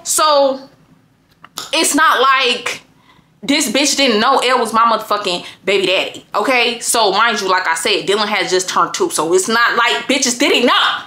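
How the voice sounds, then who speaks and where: A woman telling a personal story to viewers in a casual, profane and animated way. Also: fairly high pitch. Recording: roomy echo.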